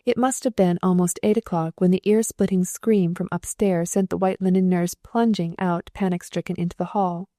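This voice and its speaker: A woman narrating an audiobook in a lively, expressive storytelling manner. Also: on the low side, moderate pace, hardly any pauses, dry recording, studio quality. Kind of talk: scripted narration.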